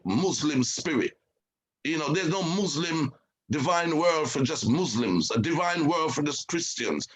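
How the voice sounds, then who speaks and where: A man giving a spiritual lecture, telling stories in a lively way and acting out what others said. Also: on the high side, rough recording. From United Kingdom. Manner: lively storytelling, acting out quotes. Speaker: guest speaker.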